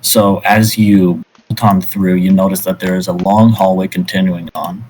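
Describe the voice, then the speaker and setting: A man narrating a tabletop game as game master, describing scenes in a halting way. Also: deep voice, steady tone, a little mellow, a little hiss or hum, low-quality recording.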